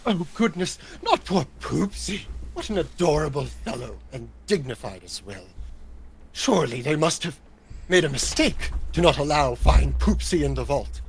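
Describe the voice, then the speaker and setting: Brief: man playing a pompous, frivolous nobleman, lively lilting voice, fussy and fawning. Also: fairly high pitch, moderate pace, a little hiss or hum. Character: frivolous, fawning aristocratic gentleman. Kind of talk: improvised tabletop role-play.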